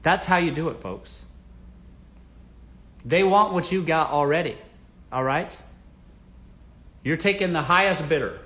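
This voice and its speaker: A man hosting a casual livestream, his voice pitched a little high for a man. He gives blunt, joking answers to viewer questions and keeps addressing the audience as folks. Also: animated, a little slow, long pauses, fairly bright tone. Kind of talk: casual livestream advice chat.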